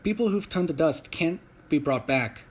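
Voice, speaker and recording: A man's voice: a little high, animated, normal speed, breathy edge, voice pushed up. A man voicing a blunt, skeptical female astrophysicist in his own plain voice.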